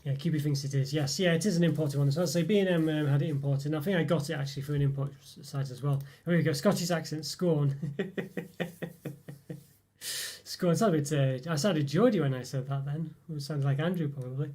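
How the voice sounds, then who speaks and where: A man's voice: on the high side, fast talker, few pauses, warm tone. Chatty man hosting a live stream. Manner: rambling, chatty, many fillers and laughs. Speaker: live stream host reviewing chocolate. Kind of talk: casual live chat reading viewer comments.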